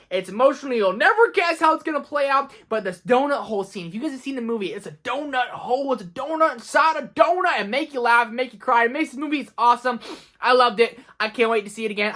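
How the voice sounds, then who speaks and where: A man's voice: very high-pitched, bright, forceful tone. A young man counting down his favorite films in a casual vlog, gushing and emphatic. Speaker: film reviewer.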